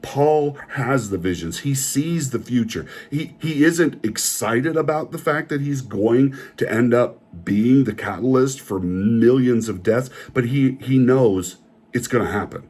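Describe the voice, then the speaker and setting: A man's voice: mid-range voice, animated, measured pace, darkish tone. A man delivering an opinionated, indignant rant as a film reviewer, often repeating himself.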